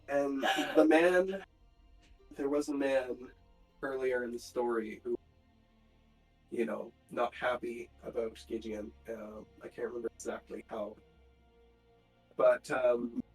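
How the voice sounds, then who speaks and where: Man game master, mid pitch, halting, filler-filled narration. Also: steady tone, darkish tone, faint music behind, rough recording.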